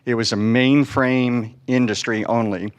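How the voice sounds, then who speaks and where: A man in his sixties from Chicago, a panelist telling his career story in a halting way, full of fillers and restarts. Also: medium pitch, steady tone, clean tone. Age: 60s.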